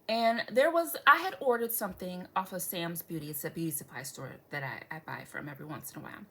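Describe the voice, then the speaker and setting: Animated woman with lively swoops. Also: lowish voice, fast talker, hardly any pauses. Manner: animated, dramatic, swears freely; sarcastic asides to viewers. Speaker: beauty vlogger. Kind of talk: casual storytelling chat.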